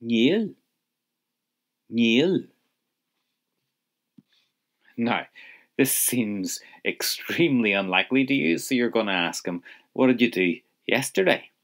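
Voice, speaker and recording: A man's voice: mid-range voice, expressive, normal speed, gravelly, fairly bright tone. A man teaching an audio language lesson, patiently prompting the listener to answer.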